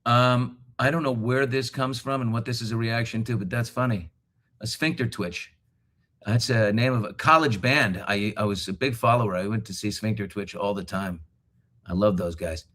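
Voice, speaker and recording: A man's voice: fairly low pitch, normal speed. A middle-aged man hosting a live talk show from a hotel room, chatting casually and joking a lot. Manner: jokey, animated, laughs a lot. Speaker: host.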